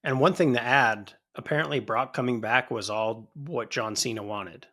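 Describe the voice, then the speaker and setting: A man co-hosting a wrestling podcast, chatting casually in a relaxed, joking way that often trails off. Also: medium pitch, normal speed. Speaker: podcast co-host.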